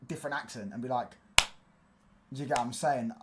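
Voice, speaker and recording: A man's voice: medium pitch, brisk. A young man hosting a football livestream, chatting loosely in slang. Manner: loose, slangy, rambling with fillers. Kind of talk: casual livestream chat.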